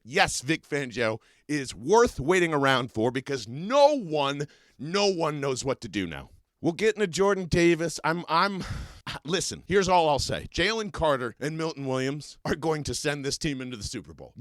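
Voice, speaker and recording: A man's voice: mid-range voice, dry recording. A man co-hosting a sports podcast, talking casually and animatedly with frequent swearing and laughter. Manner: animated, profane, laughs often. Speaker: podcast co-host.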